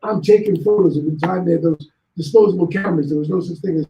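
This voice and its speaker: A male guest on a talk show telling anecdotes in a lively way and acting out other people's lines. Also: high-pitched, fast talker, roomy sound, muffled recording. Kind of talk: anecdotal storytelling.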